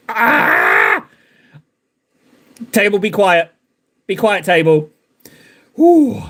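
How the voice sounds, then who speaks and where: A young man hosts a live stream and chats with his viewers while he paints miniatures. His voice sits a little high and swings widely in pitch. He teases his chat with playful, mock-dramatic flair. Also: huge pitch swings, very slow, creaky, long pauses, fairly bright tone.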